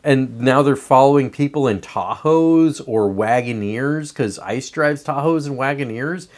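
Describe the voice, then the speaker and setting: Unhurried and medium-pitched, this man hosts a show and rants his way through political commentary. His monologue is emphatic, blunt, and full of swearing.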